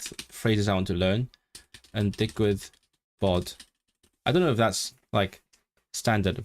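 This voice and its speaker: Halting man practising a language aloud. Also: fairly low pitch. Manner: halting, repeats words while practising pronunciation. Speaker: language-learning streamer. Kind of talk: live-stream study session, reading aloud.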